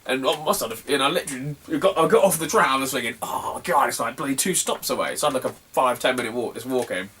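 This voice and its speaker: A man's voice: mid-range voice, expressive, fast talker, hardly any pauses, pushed and bright, slight background noise. A young man, a retro gaming YouTuber telling stories to camera in a rambling, sweary way, often breaking into laughter. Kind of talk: casual storytelling to camera.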